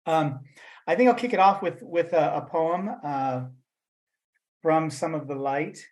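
A man reading his own poems and then talking about them, in a measured voice for the verse and a loose, rambling one with fillers for the talk, over a video call. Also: fairly high pitch, darkish tone, rough recording. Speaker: poet reading his work. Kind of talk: poetry reading and talk at a virtual event.

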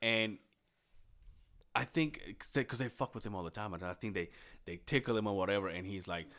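A young man in casual podcast chat, telling a crude story with lots of swearing, laughing as he talks and shouting out the lines he quotes. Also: on the low side, a little fast. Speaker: podcast co-host.

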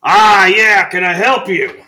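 High, loud, sharp-edged old librarian, eccentric and crass, a man puts him on. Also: takes it slowly, heavily acted. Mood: gruff welcome. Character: tiny eccentric old male librarian, gruff.

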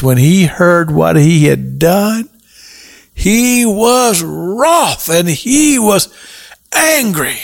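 Man, radio sermon, emphatic, lively pitch, slightly high voice. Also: creaky. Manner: slow and emphatic, rising to fervent peaks. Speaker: radio preacher.

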